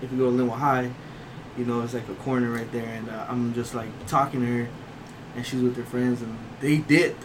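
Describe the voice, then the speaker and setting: Casting: young guy, mid-pitched, loose story-time chat over a noisy room. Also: little pitch movement, a little fast. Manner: rambling, laughs through his story. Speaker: storyteller among friends. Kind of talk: casual chat.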